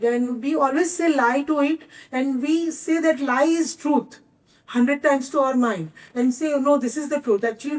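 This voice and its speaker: A woman speaking up from an audience with a high-pitched voice, picked up from far off the mic. She speaks earnestly and politely, addressing the speaker respectfully. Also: darkish tone. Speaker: audience member asking a question. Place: university lecture hall.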